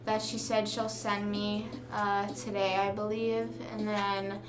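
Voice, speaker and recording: A woman's voice: medium pitch, monotone, slow. A young woman streaming live, chatting casually and telling a rambling story with quoted back-and-forth while she games. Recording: roomy room with music playing.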